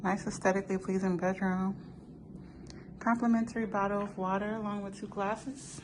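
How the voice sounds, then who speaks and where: A woman's voice: medium pitch, flat delivery, normal speed, noisy background. A woman travel vlogger casually and enthusiastically touring a hotel room, chatting to her viewers.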